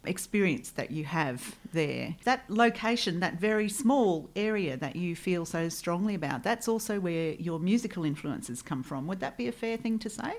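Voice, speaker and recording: A woman interviewing a guest, enthusiastic and warm. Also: fairly low pitch, lively intonation, moderate pace, hardly any pauses. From Australia. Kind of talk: interview questions.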